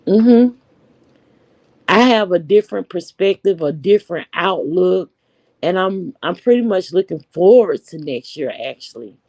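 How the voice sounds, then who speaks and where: Woman, 40s, AAVE, slow chatty live-stream host; low pitch, dry close recording. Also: animated, darkish tone, no room sound. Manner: chatty, unhurried, talks straight to viewers. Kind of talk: casual live-stream chat.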